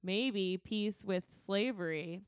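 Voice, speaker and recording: A woman's voice: mid-range voice, slow pace, clear, resonant tone, no room sound, clean studio sound. A woman co-hosting a podcast in casual chat, giggly and playful, joking often. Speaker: podcast co-host.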